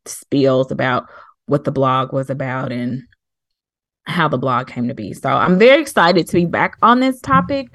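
A woman's voice: low voice, no echo, clean studio sound. A woman co-hosting a casual podcast, chatty and rambling, a little out of breath at times. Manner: chatty, rambling, laughs easily. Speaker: podcast co-host.

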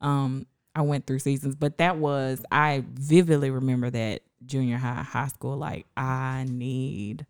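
A woman's voice: very deep voice, unhurried, few pauses, clean tone. A woman hosting a podcast in a casual, teasing chat. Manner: lively, teasing. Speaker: podcast host.

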